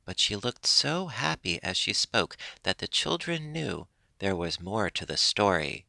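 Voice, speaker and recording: A man narrating a children's animal story in a gentle, measured way. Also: fairly low pitch, very animated, gravelly, no echo.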